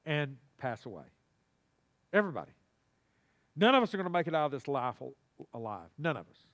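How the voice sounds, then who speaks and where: A man preaching a sermon, animated and folksy, calling on the congregation to answer him. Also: a little high, brisk. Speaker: pastor. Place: church sanctuary.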